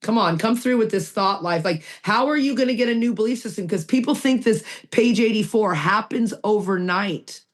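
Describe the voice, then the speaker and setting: A woman's voice: medium pitch, normal speed, hardly any pauses. A woman co-hosting a recovery podcast, talking emphatically and answering her own rhetorical questions. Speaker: podcast co-host. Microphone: video call mic.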